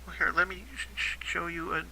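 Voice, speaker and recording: A man's voice: fairly high pitch, brisk, gravelly, heavy background noise. A man running a tabletop game as game master, telling the scene loosely with many fillers. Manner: relaxed, filler-heavy storytelling.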